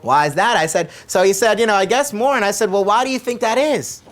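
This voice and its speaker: A man's voice: sits high, fast talker, fairly bright tone. A middle-aged man, a chiropractor, telling a patient story to camera in a conversational way and repeating his questions for emphasis. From United States.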